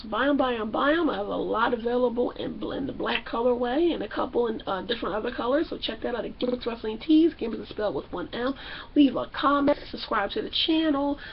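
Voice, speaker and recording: A young woman vlogger recapping a reality show in a loud, sassy, animated way, acting out the people she talks about. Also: a little high, lo-fi sound, a little hiss or hum. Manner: loud, sassy, acts out characters. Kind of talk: animated casual recap with acted-out quotes.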